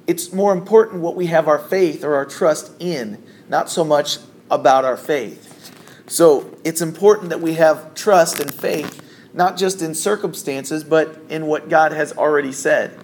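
A man's voice: a little high, slight background noise. A man preaching a sermon in a conversational way, with asides and self-corrections. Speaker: pastor.

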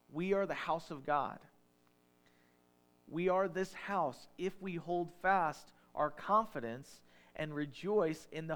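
A man's voice: fairly high pitch, takes it slowly. A man as a pastor, preaching a sermon and reading scripture, conversational and building to emphatic questions.

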